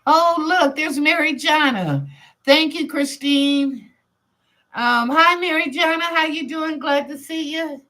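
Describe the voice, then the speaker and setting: A woman hosting a live psychic reading show, talking with her viewers in a chatty, lively way full of casual street slang. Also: high-pitched, takes it slowly. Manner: reads viewer questions aloud. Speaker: psychic reader and show host.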